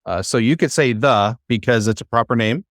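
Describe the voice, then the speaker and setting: A man's voice: mid-range voice, brisk, fairly bright tone, no room sound, studio quality. A man teaching a class, who explains patiently and coaxes his students to try reading aloud. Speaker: Hebrew teacher.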